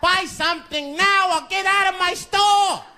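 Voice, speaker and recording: A man voicing a gruff, impatient shopkeeper who shouts in a high voice, in a stand-up routine. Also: unhurried, exaggerated voice. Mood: angry.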